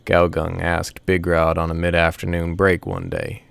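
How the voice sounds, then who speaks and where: A man narrating a first-person story in a folksy, unhurried way. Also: sits low, sing-song, gravelly, fairly bright tone, clean tone, no room sound.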